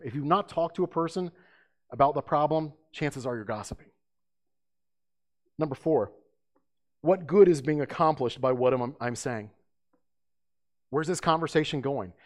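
A man preaching an emphatic sermon as pastor, asking his listeners rhetorical questions. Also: medium pitch.

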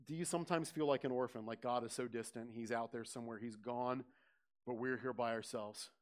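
A man's voice: medium pitch, steady tone, a little fast. A man preaching a sermon, asking his congregation direct questions and lifting his voice on quoted scripture. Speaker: pastor.

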